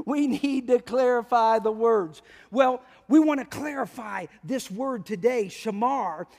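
A man's voice: very high-pitched, creaky, long reverb tail. A man preaching a sermon as pastor, talking conversationally and often asking the congregation questions. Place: church sanctuary.

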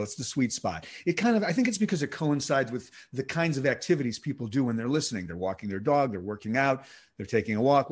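A man's voice: medium pitch, darkish tone. A man speaking as the guest expert in a podcast interview, giving long explanatory answers with frequent fillers and restarts.

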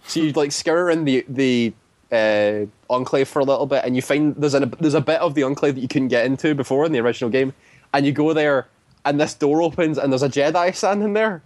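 A man chatting casually, retelling a story at length and often slipping into quick acted-out quotes. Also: mid-range voice, a little mellow, dry recording. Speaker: guest describing a video game. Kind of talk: casual chat.

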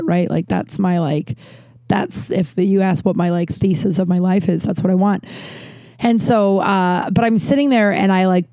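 Thirties woman with a warm, mellow tone, chatty monologue host who rambles, self-corrects and curses, recorded dry and close. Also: on the low side, no echo. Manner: rambling, swears freely, frequent restarts and self-corrections. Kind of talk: casual storytelling monologue.

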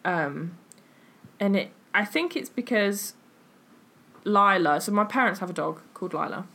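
A woman's voice: mid-range voice, expressive, measured pace, creaky, fairly bright tone. An English woman in casual podcast chat, rambling through a story with plenty of likes and ums. She laughs easily at herself while she talks. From England. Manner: chatty, lots of likes and ums, laughs while telling stories. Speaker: podcast co-host. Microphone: webcam setup, remote call.

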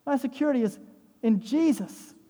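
Emphatic preacher, mellow voice, long reverb. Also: high-pitched, expressive, moderate pace. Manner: emphatic, with rhetorical questions and repetition. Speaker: pastor. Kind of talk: sermon.

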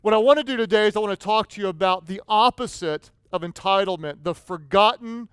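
A male pastor preaching a sermon, telling a story in an animated way that rises to near shouts. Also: high voice, brisk, smooth, dry recording.

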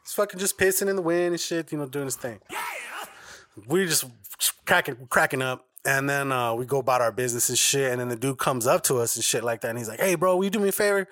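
Bright, rambling male podcast host. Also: mid-range voice, brisk, dry recording, studio quality. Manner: rambling, laughing storyteller, heavy swearing and restarts. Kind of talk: casual profane chat.

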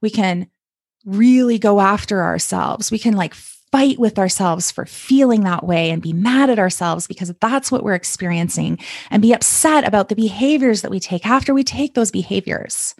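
A woman coach from Canada talks straight into the mic in a gentle, encouraging podcast monologue. Her voice sits at an ordinary middle pitch. The sound is dry and close, with no room echo. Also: moderate pace, husky. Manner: warm encouraging coaching talk.

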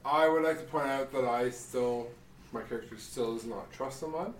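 A man's voice: medium pitch, normal speed, reverberant, far from the mic, slight background noise. A man playing a tabletop game, terse and joking. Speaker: player.

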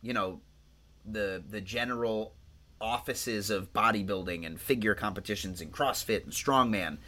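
A man co-hosting a podcast in casual chat, telling stories in a rambling, profane, animated way. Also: fairly low pitch, moderate pace. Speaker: podcast co-host.

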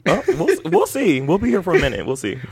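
A man's voice: a little high, huge pitch swings, brisk, creaky, slightly rough, no room sound. A young man from the Valley in Los Angeles, joking around as a podcast guest. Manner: playful, jokey, says like a lot. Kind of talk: casual podcast banter.

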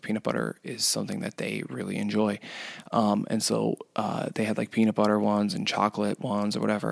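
Man, casual rambling monologue, dry close sound, gravelly voice. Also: fairly low pitch, no room sound. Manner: rambling with many restarts and fillers. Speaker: retail worker telling a work story.

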